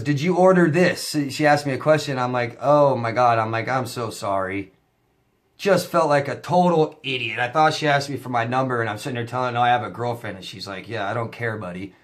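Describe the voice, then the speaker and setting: A man's voice: medium pitch, fairly bright tone. Chatty male coach telling a story. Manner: chatty storytelling with many fillers and restarts. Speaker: relationship coach. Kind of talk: casual talk to camera.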